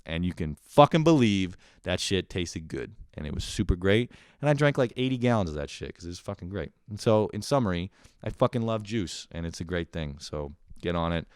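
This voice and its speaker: A man's voice: low voice, lively intonation, fairly quick, clear, resonant tone, no echo, studio quality. A young man doing a rambling, profane comedy monologue with self-mocking asides. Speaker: comedian, podcast host.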